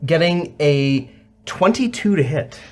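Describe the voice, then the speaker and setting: A man narrating a tabletop role-playing game as game master, animated and often laughing. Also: on the high side, slow, a little hiss or hum.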